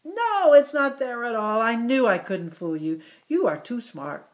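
A middle-aged woman teacher leading a phonics drill for children, repeating each word slowly and encouraging them. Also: fairly high pitch, very animated. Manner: slow, encouraging, exaggerated word repetition.

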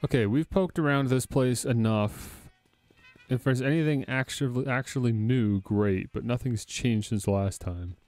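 A man's voice: medium pitch, a little slow, a little mellow, soft background music. A man with a sore throat giving rambling, chatty let's-play commentary, laughing often. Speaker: streamer.

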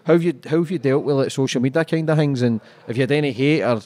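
A man's voice: mid-range voice, fast talker, dark tone. A man with a Glaswegian accent hosting a podcast, chatting casually and full of sweary, teasing banter. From Scotland. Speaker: podcast host. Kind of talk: casual interview chat.

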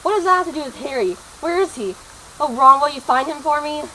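A woman's voice: sits high, lively intonation, quick pace, bright, forceful tone, slight background noise, low-quality recording. Woman playing a distraught young witch. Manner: pleading, desperate.

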